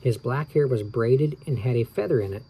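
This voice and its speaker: Tired, mellow-voiced man reading a children's book. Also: medium pitch, normal speed, slight background noise, low-quality recording. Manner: relaxed, stops for asides and rereads slips. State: tired, yawning. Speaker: reader of children's books. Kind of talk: casual children's book read-aloud.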